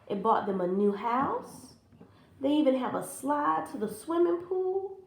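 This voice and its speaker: A woman teacher reads a children's story aloud slowly and expressively. Her voice sits fairly high and swings widely. The room around her is roomy and echoing. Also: gravelly, slight background noise. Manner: expressive and animated. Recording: roomy echo.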